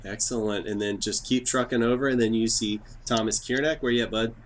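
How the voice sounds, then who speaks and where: A man from Texas hosting a podcast, hyped up, fast-talking and joking. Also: mid-range voice, steady tone, slight background noise. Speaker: podcast host. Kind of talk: casual chat.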